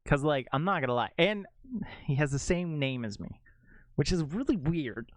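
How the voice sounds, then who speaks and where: A man's voice: on the high side, normal speed, no room sound, clean studio sound. A young adult man streaming a game, telling a rambling casual story to viewers with lots of "like" in his speech. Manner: rambling, animated, heavy use of "like".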